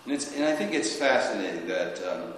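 A man preaching a sermon as a priest, slow and halting, often restarting his sentences. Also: on the low side, lively intonation. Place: church. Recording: echoey church with long reverb.

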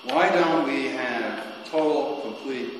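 A man delivers a slow, halting sermon, circling back on his words and restarting often. His voice rings through a very echoey hall with a long tail of reverb. A faint hum of ambience sits underneath. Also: medium pitch. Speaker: preacher. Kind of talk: sermon on scripture.

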